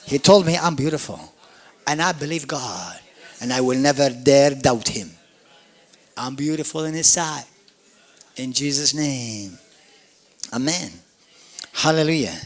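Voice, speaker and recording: A man with a Maltese accent, preaching a lively, joking sermon as pastor at a church service, calling on the congregation to answer back. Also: medium pitch, measured pace, long pauses. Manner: animated, jokey, call-and-response preaching.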